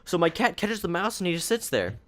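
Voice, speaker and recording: Animated young man telling rambling stories. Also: high voice, brisk. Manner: rambling, animated, acts out family members. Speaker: podcast co-host. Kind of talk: casual chat, storytelling.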